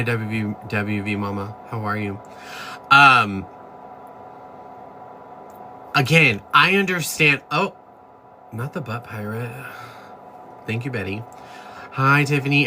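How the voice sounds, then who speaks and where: A man's voice: lowish voice, gravelly, noisy background. A man hosting a casual livestream chat, thanking viewers by name and ranting bluntly with plenty of profanity. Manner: reads out and thanks viewers one by one. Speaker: livestream host.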